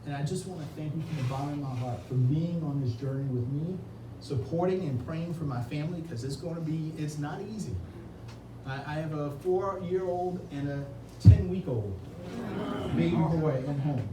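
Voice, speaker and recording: Speaking at normal speed in a fairly high voice, a candidate gives a tearful, heartfelt campaign speech at an indoor reception, repeating words when emotion takes over. The sound is distant and echoey, with ambient noise around him.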